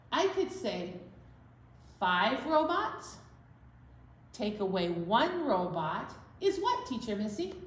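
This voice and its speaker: A woman with a high, bouncy voice that swoops widely as she hosts a children's storytime. She reads slowly and sing-song, drawing out each line for small listeners, with playful asides. The room around her rings with echo. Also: slight background noise. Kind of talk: reading a counting story to young children. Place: library room. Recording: echoey room.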